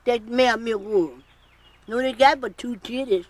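An older woman, a blues singer, telling earthy stories about her childhood in a relaxed, laughing way. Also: on the high side. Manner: slow, earthy storytelling with hearty laughs. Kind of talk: relaxed storytelling.

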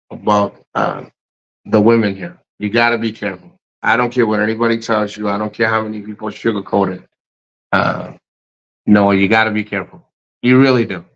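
A man's voice: fairly low pitch, fairly bright tone. A man hosting a casual livestream, reading chat and giving blunt, profane motivational rants. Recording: muffled lo-fi stream audio.

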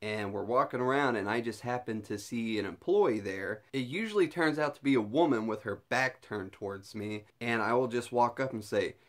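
A young man talks to his camera at home in a loose, chatty vlog. He laughs often as he goes. His voice sits in a middle pitch. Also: normal speed, few pauses. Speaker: vlogger. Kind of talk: casual vlog chat.

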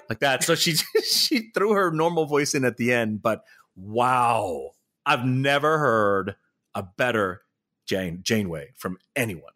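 A middle-aged man chatting as a podcast guest, telling lively stories with frequent laughs and restarts. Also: fairly high pitch, a little slow. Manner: animated storyteller, laughs often, restarts sentences. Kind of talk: casual interview chat.

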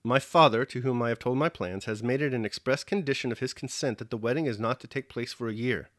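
A man reads a grave prince in an audiobook reading, measured and earnest. His voice is mid-pitched and sounds close and dry. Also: a bit bright, no room sound, lightly acted. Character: grave aristocratic officer, a prince.

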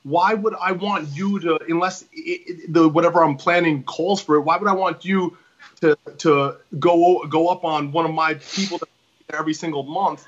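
Rambling man with a husky voice. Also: fairly high pitch, steady tone, normal speed, muffled recording. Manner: rambling, emphatic, with many restarts. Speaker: wrestling promoter guest. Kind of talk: casual podcast chat.

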